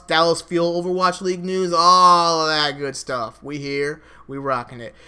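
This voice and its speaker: Young male co-host, bright and a touch high, candid esports banter, casual swearing. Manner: candid, swears freely, fast show sign-off. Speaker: podcast co-host.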